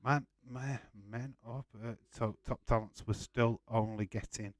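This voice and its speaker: A livestream host runs a casual watch-along, his mid-range voice unhurried and fairly even, with no room sound. He chats loosely, swears often, and keeps rambling into restarts.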